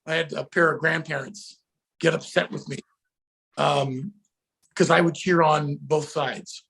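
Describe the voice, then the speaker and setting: A middle-aged man, a guest actor, telling stories in a casual interview, animated and breaking into loud shouts when he acts out the cheers he led. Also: on the high side, unhurried, gravelly.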